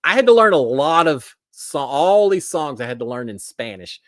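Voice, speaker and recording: A man's voice: a little high, very animated, normal speed, no room sound, clean studio sound. A middle-aged man hosting a livestream, chatting casually and reading out viewer comments, with lots of restarts and self-deprecating asides. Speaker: livestream host.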